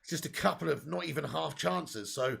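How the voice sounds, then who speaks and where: Gravelly excitable watch-along host. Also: male voice, a little high, fairly quick. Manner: excitable, chatty, swears freely, reads chat aloud. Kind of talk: casual live match commentary.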